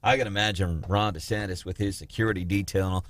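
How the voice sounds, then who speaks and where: A man hosting a political talk radio show, animated and mocking, slipping into quoted voices as he chats with his co-host. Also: sits low, brisk, dry recording.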